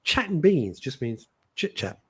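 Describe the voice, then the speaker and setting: A man's voice: a little high, a little slow, husky. A middle-aged Englishman hosting a talk show, telling stories in casual chat and acting out the voices of people he quotes. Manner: animated storytelling with mimicked voices.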